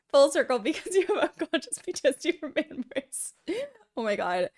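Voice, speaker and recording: A young woman streamer chatting casually over gameplay, with a high, girly, valley-girl way of talking and a lot of giggling. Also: darkish tone.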